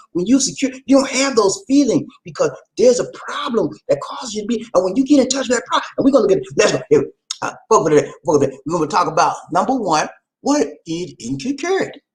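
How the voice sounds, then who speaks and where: A man hosting a casual live-stream talk about relationships, animated, repeating phrases and calling out to his viewers. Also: high voice, fast talker, poor audio.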